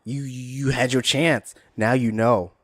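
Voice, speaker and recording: A man's voice: mid-range voice, steady tone, slow, breathy edge. Rambling, jokey American podcast guy. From United States. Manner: jokey, rambling, drops into silly put-on voices. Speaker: podcast co-host. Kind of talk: casual chat.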